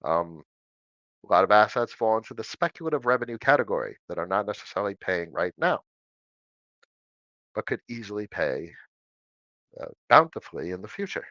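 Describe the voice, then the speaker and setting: This middle-aged man's fairly low voice moves quickly but breaks into long pauses as he chats through a casual livestream Q&A from his desk at home. Animated and conversational, he reads viewers' questions aloud to answer them. The sound is lo-fi with no echo.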